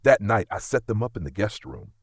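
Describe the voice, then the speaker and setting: A man tells a dramatic first-person story in a low, husky voice. His delivery is intense and emotional, with lively swings in pitch. The recording is dry and close. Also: a little fast, no room sound. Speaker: story narrator.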